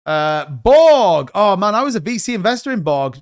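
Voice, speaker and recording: Guy on a live stream, kinda high smooth voice, rambly and fed up. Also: sing-song, moderate pace. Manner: rambling, exasperated, thinks aloud while browsing charts. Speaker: crypto livestream host. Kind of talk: casual live stream commentary.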